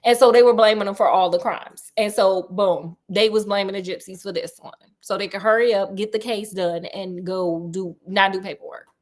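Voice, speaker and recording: A woman's voice: mid-range voice, steady tone, moderate pace, hardly any pauses, darkish tone. A woman host retelling a classic detective story in a casual, slangy, playful way with chatty asides to a friend.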